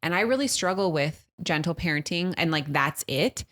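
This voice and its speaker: A woman in her thirties with a notably low voice talks casually on a podcast. She tells stories with animated energy and slips into quick impressions of the people she quotes. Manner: animated storytelling, acts out her kids' and her own quotes. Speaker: podcast co-host. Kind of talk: casual chat.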